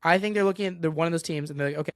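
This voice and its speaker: A man's voice: on the high side, racing, fairly bright tone, smooth, no room sound, clean studio sound. A young man hosting a solo sports podcast, ranting with exasperation and going off on tangents. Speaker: podcast host.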